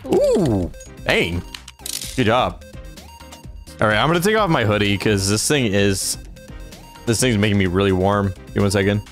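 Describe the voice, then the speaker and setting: A man's voice: lowish voice, animated, normal speed, pauses often, a bit bright, faint music behind. A man hosting a casual gaming livestream, chatting playfully and reading out donations. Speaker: livestream host.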